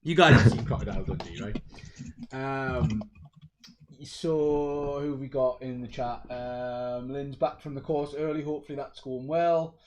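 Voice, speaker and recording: Brief: male streamer, mid-pitch, chatty, excitable, wanders off topic, self-mocking. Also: a little slow, background noise. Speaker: livestream host. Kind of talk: casual livestream chat.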